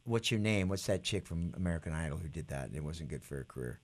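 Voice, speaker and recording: A middle-aged man, a guest musician, animatedly telling stories in an interview and acting out quotes in a higher voice. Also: animated, fast, dry recording. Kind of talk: interview storytelling. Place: radio studio.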